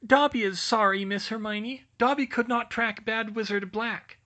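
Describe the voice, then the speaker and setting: A man's voice: high-pitched, moderate pace, sharp tone, voice pushed up. A man voicing a timid, eager little male house-elf who speaks of himself in the third person. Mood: apologetic.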